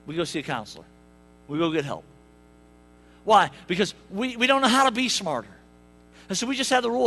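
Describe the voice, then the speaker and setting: In a church sanctuary, a male pastor with a high, bright voice delivers a lively, comic sermon full of humorous storytelling. He's animated and jokey, acting out different voices.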